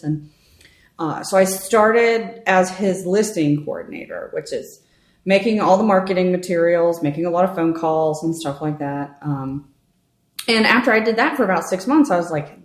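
A woman's voice: fairly low pitch, moderate pace. Chatty woman realtor in a roomy space. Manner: chatty, animated storytelling with fillers. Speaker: realtor guest. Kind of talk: conversational interview. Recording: roomy echo.

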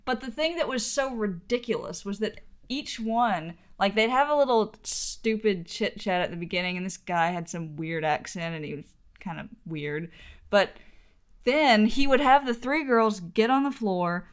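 A woman co-hosting a podcast, chatting in an amused, animated way. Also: mid-range voice, normal speed, clear, resonant tone. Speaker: podcast co-host. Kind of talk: casual chat.

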